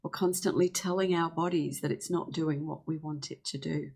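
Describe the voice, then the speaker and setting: A woman giving a gentle, earnest spiritual healing talk, slowing down to speak affirmations. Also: low voice, fairly even intonation, gravelly, breathy edge. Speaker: spiritual teacher.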